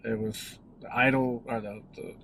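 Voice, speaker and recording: A man's voice: medium pitch, fairly even intonation, unhurried, bright, forceful tone, a little hiss or hum, rough recording. A man in his forties telling a personal story in a casual, rambling way, with many restarts and self-corrections. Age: 40s. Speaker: vlogger.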